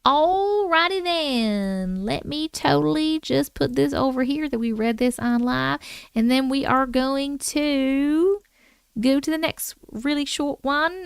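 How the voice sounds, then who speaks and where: Woman livestream host, playful and chatty, unhurried, dry close sound. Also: sits high, gravelly, no echo. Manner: playful, chatty, talks to herself. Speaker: host reading viewer stories. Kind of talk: casual livestream chat.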